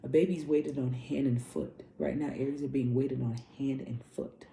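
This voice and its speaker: A woman's voice: extremely low pitch, fairly even intonation, normal speed, warm tone, slight background noise. A woman spiritual coach giving a casual astrology reading, loose and profane, repeating herself like a preacher. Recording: roomy echo.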